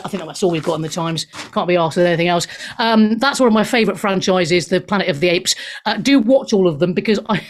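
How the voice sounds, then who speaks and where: Woman radio host, a touch high-pitched, rambling and opinionated, laughs a lot. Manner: animated, rambling, laughing often. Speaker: radio talk show host. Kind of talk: casual opinionated news chat.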